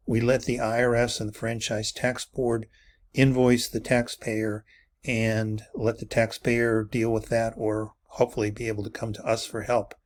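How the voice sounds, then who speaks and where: A man with a mid-pitched voice explains tax rules in a recorded training walkthrough. He moves methodically through each point, stopping to correct a word now and then. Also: little pitch movement, unhurried.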